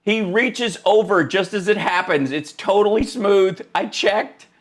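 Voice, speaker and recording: A man's voice: sits high, a little slow. A man hosting a live stream, giving comic political commentary in an exclaiming, mock-incredulous way. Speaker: livestream host.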